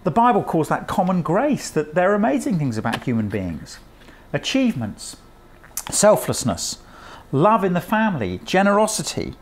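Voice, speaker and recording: A man's voice: high voice, sing-song, normal speed, slight background noise. Earnest male preacher delivering a sermon. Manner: earnest, emphatic, rhetorical questions.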